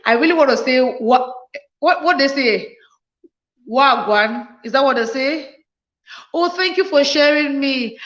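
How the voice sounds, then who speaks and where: A woman with a high-pitched, somewhat bright voice hosts a casual livestream from her phone in lo-fi sound. Tired after working a night shift, she greets arriving viewers and thanks them over and over.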